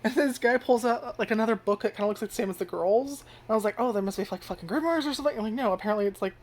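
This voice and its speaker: A woman's voice: a little high, rapid-fire. Rambling, foul-mouthed woman reviewing anime. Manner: rambling, heavy use of filler words and frequent swearing; animated, jumps into loud acted-out reactions. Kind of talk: casual first-impressions commentary.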